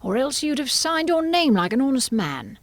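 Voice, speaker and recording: A woman's voice: sits high, very animated, normal speed, dry recording, voice pushed up. A woman voicing a foolish, blustering male king in an audiobook. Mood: pompous.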